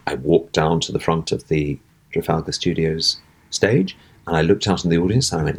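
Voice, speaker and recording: A man's voice: rumbling low, moderate pace, breathy edge. A middle-aged man, an actor, telling a long theatrical anecdote and acting out the voices in it. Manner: animated, acts out voices in his anecdotes. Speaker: interview guest. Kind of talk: anecdotal storytelling.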